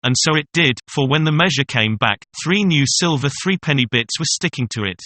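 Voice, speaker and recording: Man, storybook narration, measured delivery, bright tone, dry. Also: fairly high pitch, animated, no room sound.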